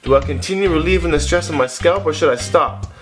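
A man's voice: fairly high pitch, quick pace, lightly acted. A man reading out a worried young man's email in a put-on accent. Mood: earnest. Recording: guitar music playing behind.

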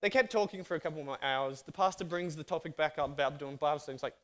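Australian male speaker, slightly high voice, lively sermon storyteller who acts out dialogue. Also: fast. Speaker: guest speaker.

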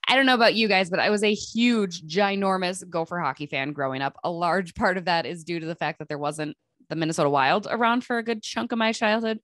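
A woman's voice: lowish voice, a little fast, fairly bright tone, no room sound, studio quality. A woman co-hosting a sports podcast, introducing clips and asking guests questions in an upbeat, chatty way. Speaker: podcast co-host.

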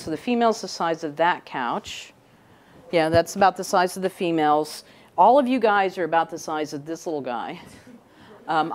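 A middle-aged woman scientist giving a casual, chatty talk to young people indoors, often checking in with "right?". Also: fairly low pitch. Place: indoor room with a couch.

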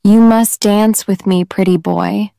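A scheming young witch, coaxing and sly, as a woman reads her aloud. Her words come slowly and softly in a smooth, clear voice. The recording is dry and close. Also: medium pitch, steady tone, dry recording.

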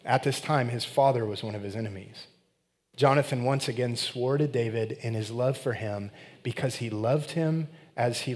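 A male pastor preaching in a relaxed, conversational manner. He reads scripture, then retells it with slangy asides. His voice sits at a medium pitch. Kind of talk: sermon.

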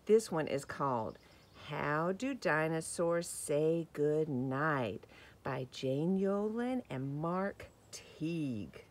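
A woman reading a picture book to young children, gentle and slow, asking questions about the pictures. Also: fairly low pitch. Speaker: children's story time reader.

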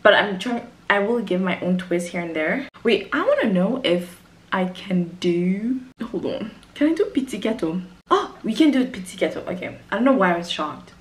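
A woman talks casually to camera about arranging music, chatty and rambling, often interrupting herself. Her medium-pitched voice is animated and at normal speed, with a roomy echo in the recording.

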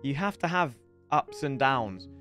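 A man streaming a football video game live, excitable and swearing, often shouting at the game. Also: mid-range voice, unhurried, soft background music. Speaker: gaming streamer. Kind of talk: live gaming stream chat.

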